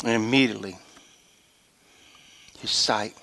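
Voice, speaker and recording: An older man, a pastor, preaching a sermon with animated storytelling that swings between loud and hushed. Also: fairly low pitch, measured pace, gravelly.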